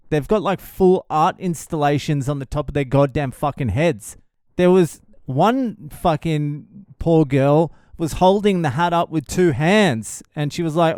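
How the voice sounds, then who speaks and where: A man with a smooth, resonant voice that sits a little high rides through a profane comic monologue. He is blunt, swears constantly and breaks into laughter at his own jokes. The recording is close and dry, with no room sound. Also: darkish tone, no echo. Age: adult father of a young child. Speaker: comedian podcast host.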